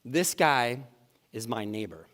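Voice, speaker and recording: A man's voice: medium pitch, lively intonation, slow pace, a bit bright. Man preaching a conversational sermon. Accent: Upper Midwest American. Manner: storytelling, conversational and self-deprecating. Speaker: pastor. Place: church sanctuary. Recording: live church sermon with hall reverb.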